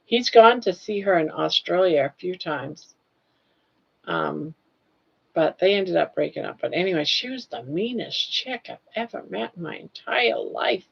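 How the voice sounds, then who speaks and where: An older woman hosts a relaxed live chat, talking slowly and drawing out each viewer's name with folksy friendliness. Her voice has a gravelly, fry-tinged edge. The stream audio sounds a little dull and lo-fi. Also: fairly low pitch. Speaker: livestream host. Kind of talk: casual live chat, reading viewer comments.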